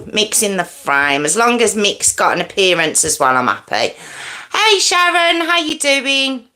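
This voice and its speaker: A woman's voice: on the high side, sharp tone. A woman hosting a live stream, chatting casually with viewers and greeting them by name. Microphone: earpiece in.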